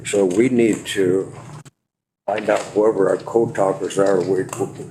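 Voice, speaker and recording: A man on a tribal council explaining an agenda item at a meeting, halting and restarting as he goes. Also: deep voice, fairly even intonation, warm tone, slight background noise, rough recording. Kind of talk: meeting discussion.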